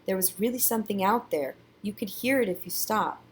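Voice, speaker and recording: A woman's voice: medium pitch, fairly quick, husky, lightly acted. A woman voicing a homesick, restless young boy, eager and pleading in a storybook read-aloud.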